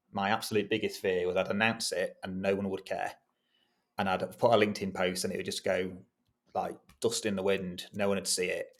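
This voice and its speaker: A man speaks in a low, fairly flat voice. He is a podcast guest chatting casually and self-deprecatingly about his freelance work, laughing easily along the way.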